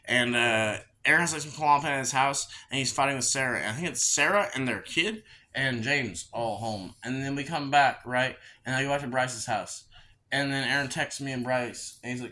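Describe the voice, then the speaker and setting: A man's voice: medium pitch, moderate pace, sharp tone, poor audio. A young man hosting a podcast, telling a long, profane story in a casual, rambling way. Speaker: podcast host.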